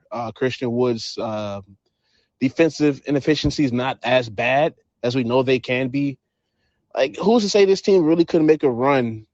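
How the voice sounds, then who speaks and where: Eager caller with a dull, dry sound. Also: male voice, mid-range voice, darkish tone, no echo. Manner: persuasive, keeps saying "listen". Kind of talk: casual call-in chat. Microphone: live audio app.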